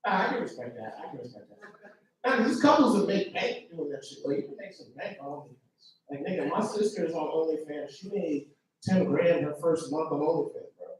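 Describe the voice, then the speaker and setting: A man's voice: a little high, expressive, brisk. A male stand-up comedian doing crowd work in a comedy club, brash and teasing, full of casual slang. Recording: very echoey club from far off.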